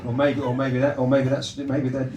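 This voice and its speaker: A man's voice: medium pitch, completely flat delivery, normal speed, lo-fi sound. A man doing stand-up crowd work, teasing the audience with rambling, stammering restarts in a live comedy club. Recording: echoey club, mic at a distance, loud noise.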